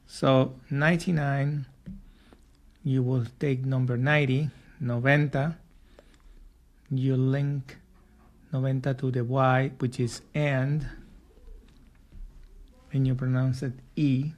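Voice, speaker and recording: A man teaching a spoken lesson for learners, patient, repeating and drilling each word. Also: medium pitch. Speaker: language teacher.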